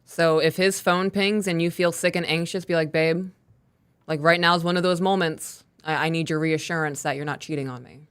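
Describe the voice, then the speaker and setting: A woman co-hosting a podcast live stream, reading listener questions and calmly explaining how she handles her kids. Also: low-pitched, smooth. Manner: calm, measured, reads out listener questions. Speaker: podcast co-host. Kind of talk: casual live-stream Q&A chat.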